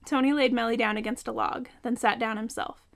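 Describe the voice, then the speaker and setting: Woman narrating a fantasy novel, fairly high. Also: gravelly. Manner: even, unhurried storytelling. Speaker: author reading her own novel.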